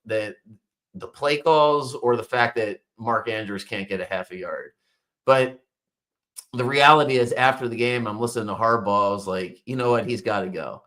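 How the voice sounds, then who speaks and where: A man's voice: mid-range voice, fairly bright tone. Male sports talk host, exasperated fan ranting, casual with profanity. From Baltimore area. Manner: frustrated, exasperated, swears.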